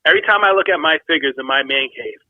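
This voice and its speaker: A man's voice: on the high side, quick pace, narrow, tinny audio, noisy background. A man talking casually as a podcast guest, emphatic and rambling, with many fillers.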